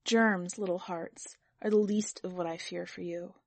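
A woman's voice: on the low side, steady tone, a little slow, vocal fry, no echo. A woman reader voicing a proud, tender young mother.

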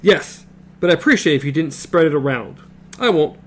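Higher-voiced man reading a novel aloud. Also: lively intonation, a little fast, a little hiss or hum. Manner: reads with comments and self-corrections. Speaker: reader.

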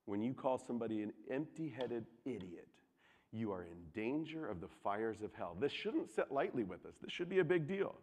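A young adult man preaching a sermon, telling stories with animated swings from loud outbursts to hushed asides, in a church. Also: medium pitch, normal speed. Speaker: pastor. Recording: long hall reverb.

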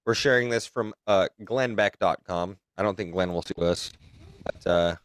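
A man's voice: deep voice, moderate pace, smooth, dry recording, studio quality. A man hosting a podcast in loose, casual chat, swearing freely as he shares his screen. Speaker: podcast host.

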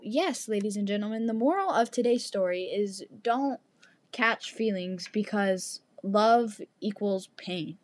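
Young woman podcast host, a dramatic storyteller with a slightly high voice, on a dry close mic. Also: no echo. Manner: animated, dramatic storyteller who addresses listeners.

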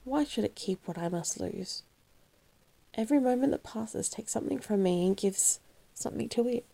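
A woman's voice: a little high, animated, normal speed, creaky, warm tone. A woman voicing a vain young man who is pleading with passion in an audiobook. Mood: anguished. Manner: impassioned, pleading. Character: vain young man in anguish over aging.

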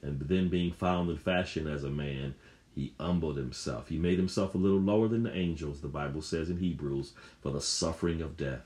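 A male preacher with a very deep voice delivers a sermon. He speaks emphatically, often restarting and repeating his phrases as he builds each point. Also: a little fast, a little mellow.

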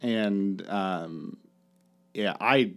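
A man's voice: deep voice, extremely slow, fairly bright tone. Laid-back Canadian man reminiscing. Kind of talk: casual chat.

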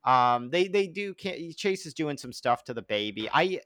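Animated joking man on a podcast. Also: on the high side, normal speed, no echo, studio quality. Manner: animated, jokey, trails off and restarts. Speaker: podcast host. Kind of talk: casual comedic chat.

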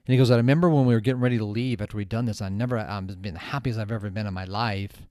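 A man hosting a podcast, giving a motivational talk with lively storytelling that swings between loud emphasis and hushed asides. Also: on the low side, very fast, no echo, studio quality. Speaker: podcast host.

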